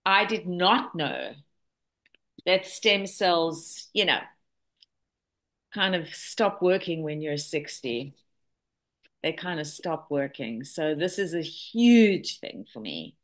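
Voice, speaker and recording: A woman's voice: low voice, animated, slow pace, pauses often. A woman in her sixties from South Africa, giving a chatty, enthusiastic personal testimonial with many fillers during an online presentation over a video call. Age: 60s.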